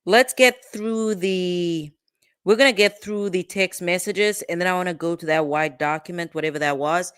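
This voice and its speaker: A woman's voice: fairly low pitch, moderate pace, a bit bright, clear, resonant tone. A woman lawyer hosting a show, giving chatty, incredulous reaction commentary and thinking aloud. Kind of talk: casual legal reaction commentary.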